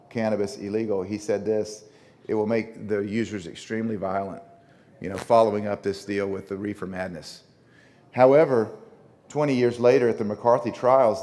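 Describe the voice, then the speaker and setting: Talking through his slides at a conference lecture, a man from Shreveport in northern Louisiana keeps things conversational. His fairly low, darkish voice repeats words as he restarts sentences, and he puts questions to the audience.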